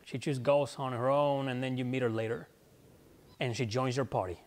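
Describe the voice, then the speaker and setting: A man's voice: medium pitch, fairly even intonation, normal speed, darkish tone. A man hosting his own gaming channel, chatting casually through gameplay, laid-back and joking at himself.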